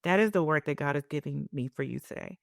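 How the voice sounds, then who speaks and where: A woman's voice: sits low, fast talker, creaky, dry recording, studio quality. A woman hosting a podcast, speaking in an emotional, encouraging, almost preacherly way. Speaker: podcast host. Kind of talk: heartfelt podcast conversation.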